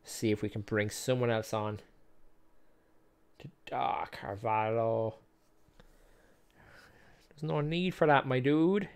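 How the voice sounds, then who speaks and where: A man hosts a gaming video, calling the match play by play in casual let's-play fashion, chatty and self-mocking with frequent laughs. He speaks slowly with frequent pauses, in a clean, medium-pitched voice.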